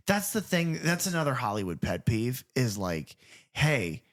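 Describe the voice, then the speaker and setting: A man co-hosting a casual film podcast, talking with lively swings and frequent swearing, breaking into quoted voices of the characters. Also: mid-range voice, unhurried. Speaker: podcast co-host.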